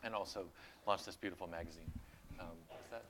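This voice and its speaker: A man's voice: low-pitched, a little fast, fairly bright tone, a little hiss or hum. A man introducing his magazine as a panelist at a conference, explaining things eagerly.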